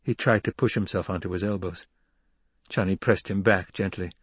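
Man reading a novel aloud, husky voice, dry close sound. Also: sits low, fairly even intonation, moderate pace, no echo. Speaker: audiobook narrator. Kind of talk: scripted narration.

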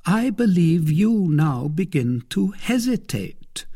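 A man voicing a scheming young noblewoman in an audiobook, with high, sharp, demanding questions. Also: very animated, slow, breathy edge, exaggerated voice. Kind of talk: audiobook character voice.

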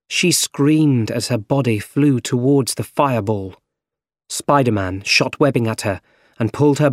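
A man reading a simple story aloud, slow, careful and plain. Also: medium pitch, no room sound, studio quality. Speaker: narrator. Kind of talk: scripted narration of a graded reader.

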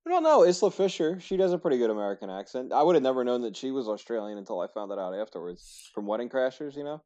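A man's voice: medium pitch, sing-song, fast, warm tone. A man co-hosting a podcast in casual chat, talking emphatically and giving strong opinions. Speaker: podcast co-host. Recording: dull lo-fi sound.

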